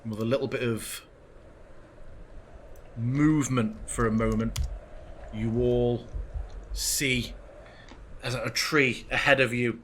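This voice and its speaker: A man running a tabletop game as game master, with drawn-out, vivid description of the scene. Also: medium pitch, fairly even intonation, fairly bright tone, slight background noise.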